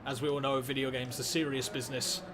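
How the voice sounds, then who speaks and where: Guy doing let's play commentary, deadpan and wry, trips over his words a lot, mid pitch, game noise audible underneath. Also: quick pace. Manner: dry, wry, stammering with many restarts. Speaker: gaming video host.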